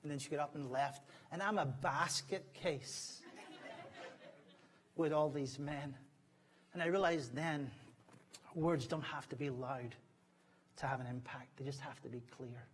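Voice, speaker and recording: Middle-aged man, guest preacher, higher voice, heartfelt, loud then hushed. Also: unhurried, long pauses, a little hiss or hum. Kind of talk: sermon. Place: church sanctuary.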